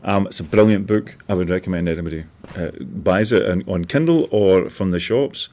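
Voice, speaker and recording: A man's voice: low voice, brisk, a little mellow. A man co-hosting a talk show, musing aloud and asking long, thoughtful questions. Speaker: co-host. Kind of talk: casual chat and interview.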